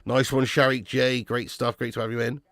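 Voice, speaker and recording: A man hosting a live football watch-along, calling the play and reading chat, excitable and swearing freely. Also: mid-range voice, fairly quick, dry recording, studio quality. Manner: excitable, swears, jumps from play calls to chat shout-outs. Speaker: fan channel host.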